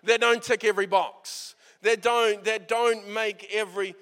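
A New man, a pastor, delivers a sermon in a high, bright voice, earnest and conversational, acting out the lines he quotes. He keeps a measured pace with fairly even intonation, and a long hall reverb trails every phrase.

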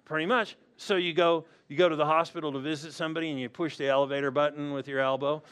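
A man with a voice pitched a little above the usual delivers a sermon as a pastor. His preaching is playful and anecdotal, and he slips into the voices of the people in his stories. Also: steady tone, quick pace, a bit bright, smooth. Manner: humorous storytelling that acts out the people in its stories.

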